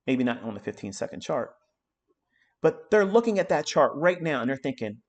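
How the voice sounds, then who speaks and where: A man's voice: medium pitch, sing-song, normal speed. A middle-aged man giving live trading commentary on a stream, ranting hard and swearing often as he talks. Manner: profane, ranting, emphatic. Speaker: trading mentor.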